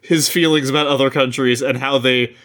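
A man co-hosting a podcast who talks quickly in casual chat and laughs often. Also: medium pitch, steady tone, fairly bright tone. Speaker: podcast co-host.

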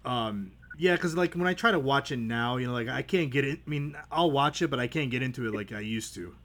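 A man's voice: mid-range voice, brisk, fairly bright tone. A man hosting a casual podcast conversation, easygoing and agreeable, with lots of "like" and "yeah". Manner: easygoing, agreeable, many fillers. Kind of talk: casual chat.

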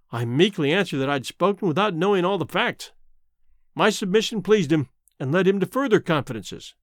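A man narrating a novel as an audiobook, in a measured, expressive storytelling manner. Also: high voice, no echo, studio quality. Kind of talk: scripted narration.

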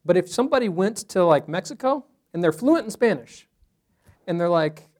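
A man's voice: high voice, animated, brisk, darkish tone. Man leading a live Bible study. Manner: conversational, asks the group questions. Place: room with a small group.

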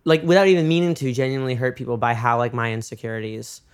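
A man's voice: mid-range voice, fairly even intonation, quick pace, clear, resonant tone. A man in his twenties in casual chat, talking hesitantly and restarting his words often. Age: 20s. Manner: hesitant, repeats words, lots of fillers.

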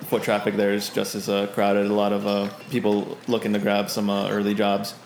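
A man's voice: on the low side, monotone, a little fast, a little mellow, roomy sound, slight background noise. A man narrating a tabletop game as game master, loose and hesitant with many fillers.

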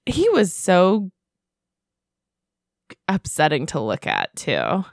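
A young woman co-hosting a casual movie podcast, blunt and quick to laugh. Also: lowish voice, huge pitch swings, creaky, no echo, clean studio sound. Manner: laughs often, frank and blunt. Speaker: podcast co-host.

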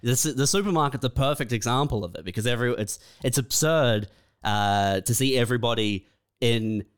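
A man's voice: medium pitch, fairly quick, clear, resonant tone. A man co-hosting a comedy podcast, talking in a laid-back way, often saying "man" and "uh". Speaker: podcast co-host. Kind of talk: casual podcast chat.

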